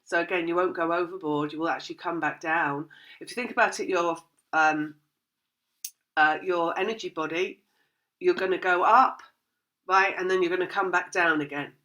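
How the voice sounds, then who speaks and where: A woman's voice: on the low side, steady tone, normal speed, sharp tone, dull audio. A woman giving a casual, rambling tarot reading, laughing often and acting out her listeners' thoughts. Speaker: tarot reader.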